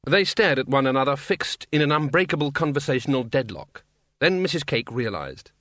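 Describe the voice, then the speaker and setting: A man narrates a novel in a measured, wry way, in a mid-range voice. He is recorded close to the mic in a dry, dead studio sound with no room echo. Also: medium pitch, sing-song, fairly bright tone. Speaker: audiobook narrator. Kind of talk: scripted audiobook narration.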